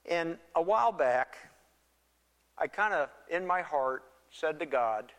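An earnest male pastor preaching with a slightly raised pitch. He repeats words as he works through his points and now and then sinks nearly to a whisper. His voice rings with the long reverb of a church hall. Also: expressive, slow pace, fairly bright tone. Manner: earnest, repeats words, drops to near whisper for quoted pleas. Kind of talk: sermon.

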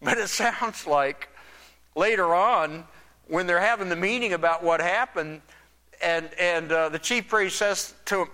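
A man's voice: high-pitched, expressive, takes it slowly, pushed and bright, clean tone, long reverb tail. A man preaching a sermon, conversational, imagining and acting out the dialogue of the story. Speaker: pastor.

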